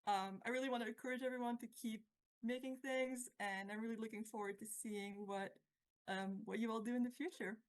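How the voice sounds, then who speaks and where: A woman's voice: a little high, fairly even intonation, a little fast. A woman accepting an award remotely, stumbling over her words and thanking people gratefully. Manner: nervous, stammering, grateful. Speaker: award winner speaking remotely.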